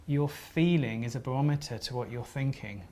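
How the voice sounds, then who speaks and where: At a weekend seminar, a man with a mid-range voice shares a story in an earnest, unpolished, halting way. He often stumbles over words and restarts, and gently apologises when something sounds sentimental.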